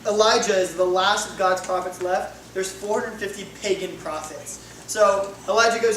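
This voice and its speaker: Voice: medium pitch, fairly even intonation, fairly quick, few pauses, fairly bright tone. A youth pastor taking over the sermon, talking casually with slang to recap a story. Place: church hall. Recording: echoey hall from far off, noisy.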